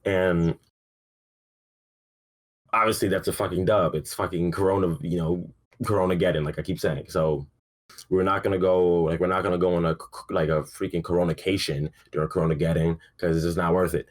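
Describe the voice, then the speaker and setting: A man's voice: low voice, steady tone, a little fast. A young man hosting a casual solo sports podcast, rambling and swearing freely in a sleepy, offhand way. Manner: rambling, profane, laid-back with frequent fillers. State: sleepy, yawning. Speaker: podcast host.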